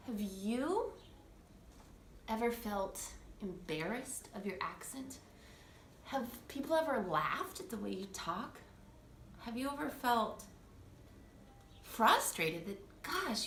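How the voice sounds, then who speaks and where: A woman's voice: a little high, fairly bright tone, slight background noise. An American woman working as a language coach, talking straight to the camera in an earnest, reflective way with many rhetorical questions. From United States. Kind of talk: personal address to camera. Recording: echoey room.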